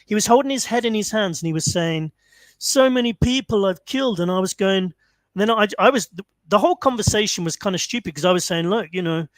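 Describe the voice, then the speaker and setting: A man's voice: high voice, fast talker, no room sound. A man hosting a call-in show, telling a long rambling story with many fillers and restarts. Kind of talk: casual storytelling.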